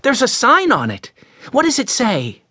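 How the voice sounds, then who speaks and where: A male audiobook narrator voicing a gentle, quiet young girl with a soft manner. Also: very high-pitched, huge pitch swings, a little slow, voice pushed up, exaggerated voice. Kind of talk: audiobook character voice.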